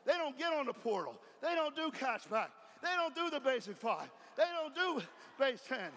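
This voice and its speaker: A man with a strikingly high voice delivers a motivational stage talk. He is folksy and emphatic, jabbing the crowd with rhetorical questions and sudden shouts. His voice rings out through a large hall with a long reverb and a faint hiss underneath. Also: big pitch swings, moderate pace. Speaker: company president giving a motivational speech.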